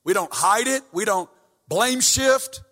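A man's voice: high-pitched, animated, slow, bright, forceful tone. A man preaching a sermon in a church, talking casually at first and then building to fervent emphasis. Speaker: guest preacher. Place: church sanctuary. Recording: church hall reverb.

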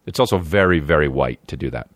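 A man's voice: a bass voice, expressive, quick pace, no echo. A man riffing in a casual comedic monologue, rambling and profane, breaking into silly put-on voices. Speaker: comedian podcast host.

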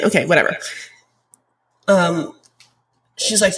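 A woman's voice: lowish voice, normal speed. Twenties woman, solo podcast host, teary and choked up, chatty filler-heavy ramble, slightly distant mic. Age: 20s. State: tearful, choked up. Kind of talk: casual solo podcast talk.

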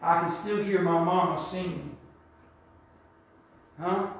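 Impassioned preacher in an echoey hall. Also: male voice, sits high, fairly even intonation, slight background noise. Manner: impassioned, shouting at peaks, drawn-out calls to the church. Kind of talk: sermon. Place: church sanctuary.

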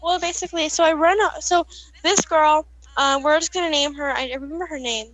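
A young woman vlogger tells a rambling, casual storytime in a high, slightly bright voice with a steady tone and a fairly quick pace. She giggles a lot and uses frequent fillers, and the audio quality is poor.

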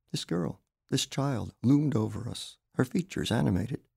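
A man narrating his own literary story aloud, expressive and wry. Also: medium pitch, measured pace, gravelly, slightly rough, no echo, studio quality. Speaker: author reading his story.

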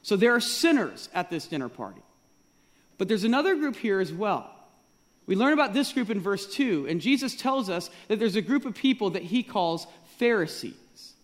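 Guy preaching a sermon, high voice swinging all over, lots of rhetorical questions, big echoey church. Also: very animated, moderate pace. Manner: rhetorical questions, emphatic repetition. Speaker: pastor. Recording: long reverb of a large hall.

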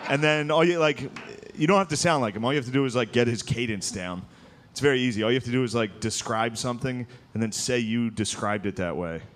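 A man telling comedic stories, animated and laughing often between lines. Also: medium pitch. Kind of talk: comedic storytelling.

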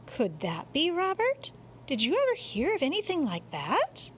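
A woman reading a storybook and voicing an anxious, fussing mother in a high, urgent voice. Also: huge pitch swings, measured pace, slight background noise, full character voice. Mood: worried.

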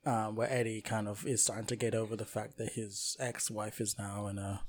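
A young man co-hosting a casual chat, sharing his views on films in a measured way with many ums and uhs. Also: on the low side, level tone. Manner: measured, hesitant, lots of fillers. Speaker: podcast co-host.

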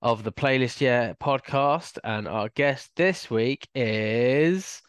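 A man's voice: medium pitch, slow, clear, resonant tone, dry recording. Man, 40s, podcast co-host; rambling, self-deprecating, dry studio sound. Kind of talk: casual podcast chat.

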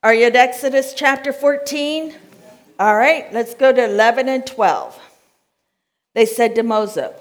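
A woman's voice: on the high side, animated, unhurried. An American woman preaching a sermon, reading scripture aloud and checking in with her listeners in a conversational way.

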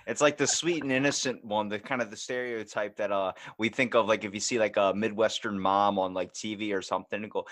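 A man hosting a podcast, telling stories in an animated, rambling way, full of "like". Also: on the low side, a little fast, hardly any pauses, no echo. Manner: rambling, animated storyteller, many "like"s. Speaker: podcast host. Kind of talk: casual podcast chat.

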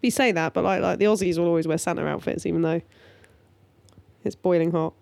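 A woman's voice: on the low side, steady tone, gravelly, a little mellow, dry recording. A woman co-hosting a podcast, chatting casually and cutting in with teasing jokes. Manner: teasing, quick jokey interjections. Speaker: podcast co-host. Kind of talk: casual chat.

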